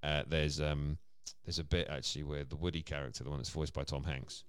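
A man's voice: very deep voice, fast, few pauses, smooth, no room sound, studio quality. A man co-hosting a casual podcast chat, chatty and laughing often. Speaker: podcast co-host.

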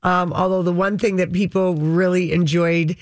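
A woman's voice: lowish voice, flat delivery, moderate pace, no echo. A woman hosting an entertainment news segment on the radio, gossiping casually and reading out press quotes.

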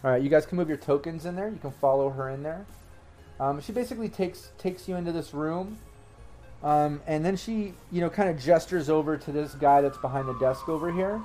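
A man's voice: a little high, fairly quick, warm tone. Young man, game master, rambling narration, lots of fillers, faint music behind.

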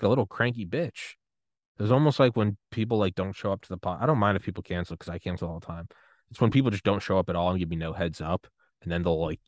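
Guy with a lowish voice ranting solo on his podcast, swears a lot, dry close sound. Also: no echo. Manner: profane, rambling, animated when riled up. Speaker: podcast host. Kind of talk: solo rant.

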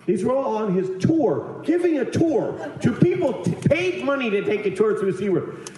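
A man's voice: extremely high pitch, big pitch swings, normal speed, few pauses, warm tone. Rambling man telling a comic story in an echoey room. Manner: rambling, profane, acts out other people's lines with big voice jumps. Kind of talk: comic storytelling, casual chat.

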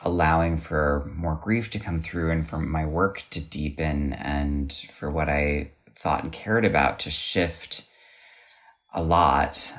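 A man's voice: a bass voice, fairly even intonation, slow. A man talking reflectively in a casual conversation, often restarting his sentences. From United States.

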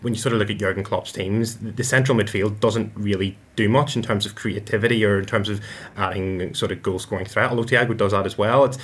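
Hesitant male football pundit, low voice. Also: steady tone, fast talker, fairly bright tone, slightly rough. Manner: hesitant, many repeated words. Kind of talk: casual football analysis.

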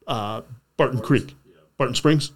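A middle-aged podcast host with a mid-range voice speaks a little slowly as he leads a conversational interview. He sounds earnest and frequently stops to restart his sentences.

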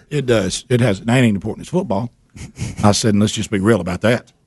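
A man hosting a radio show, telling a story in a casual, animated way with laughter and repeated words. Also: lowish voice, a little fast, slightly rough, dry recording, clean studio sound.

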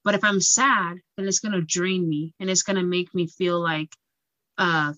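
A young woman from Equatorial Guinea, a pageant titleholder and singer, chatting in an interview with frequent laughter and animated storytelling. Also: on the low side, normal speed, no room sound. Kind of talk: casual interview chat.

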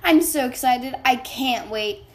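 A woman voicing an excitable little girl who loves pink, eager and bubbly. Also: sits high, unhurried, a little hiss or hum. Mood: excited.

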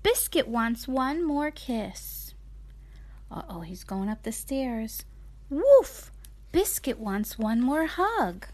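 A mother hosting a bedtime story show, reading a children's picture book aloud in an animated, sing-song voice. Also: a little high, slow pace.

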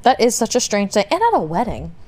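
A woman's voice: mid-range voice, very animated, fast talker, a little mellow. A woman co-hosting a podcast, chatting casually and dropping dry, teasing quips. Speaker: podcast co-host. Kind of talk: casual chat.

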